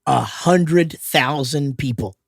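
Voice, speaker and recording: A man's voice: a little high, slow pace, gravelly, dry recording. Man, podcast host, casual rambling chatter, dry close sound. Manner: rambling, many restarts, swears freely. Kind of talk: casual chat.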